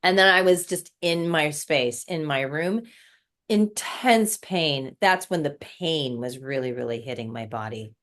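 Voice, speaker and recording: A woman's voice: low voice, animated, a little slow, fairly bright tone. A woman guest telling an emotional spiritual story in casual conversation, repeating words as she recounts it. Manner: emotional, repetitive, breathless recounting.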